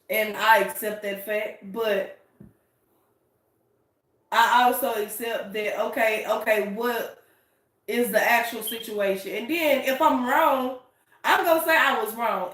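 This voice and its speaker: A woman's voice: on the high side, a little slow, long pauses, a bit bright. A woman co-hosting a casual talk show with her husband, speaking emphatically and teasing him. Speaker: podcast co-host, wife. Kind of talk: casual chat. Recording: echoey room, distant mic.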